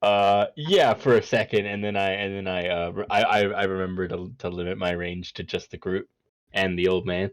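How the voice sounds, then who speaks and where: A man playing a tabletop game, talking casually in a halting, stammering way. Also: sits low, steady tone. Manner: halting, stammering, many restarts. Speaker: player.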